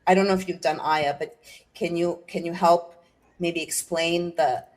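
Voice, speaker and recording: A woman with a notably low voice talks casually, working her way through a question with small pauses and rephrasings. She sounds curious and engaged in the exchange. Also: steady tone. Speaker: guest asking questions. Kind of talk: casual conversation.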